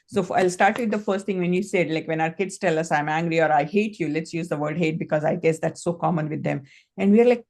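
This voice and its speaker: A woman's voice: on the low side, brisk. Indian-accented woman coaching parents on a call. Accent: Indian English. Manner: storytelling, acts out quoted dialogue. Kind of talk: online coaching session. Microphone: video call.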